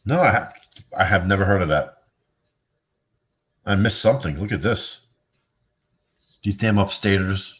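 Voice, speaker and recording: Middle-aged New streamer, deep voice, tired, salty, wisecracking. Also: male voice, unhurried, pauses often. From New York. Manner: profane, wisecracking, easily amazed. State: tired, yawning. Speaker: streamer chatting with viewers. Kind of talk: casual chat.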